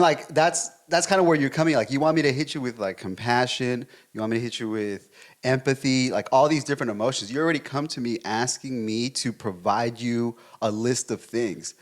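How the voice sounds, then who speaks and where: A man co-hosting a relationship podcast, debating his partner in a fast, emphatic way and swearing freely. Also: mid-range voice. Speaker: podcast co-host.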